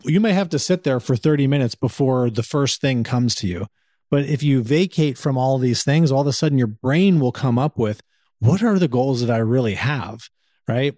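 A man's voice: medium pitch, mellow, no echo, studio quality. A man co-hosting a casual podcast chat, earnestly giving advice. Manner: earnest, advising. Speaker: podcast co-host.

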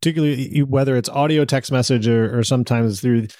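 A man's voice: medium pitch, fast, mellow, no room sound, studio quality. A man co-hosting a podcast who chimes in with jokes. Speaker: podcast co-host. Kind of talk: podcast conversation.

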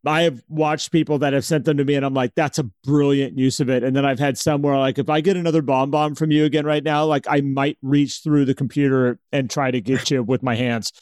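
A man's voice: medium pitch, steady tone, fairly quick, hardly any pauses, a little mellow, clean tone, dry recording. A man co-hosting a podcast who asks rambling, playful questions. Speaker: podcast co-host. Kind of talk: podcast conversation.

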